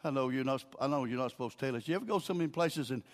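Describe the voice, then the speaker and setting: Here an older man with a Southern US accent delivers a sermon rapid-fire, spinning it as folksy storytelling. He alternates between hushed, low stretches and loud shouting.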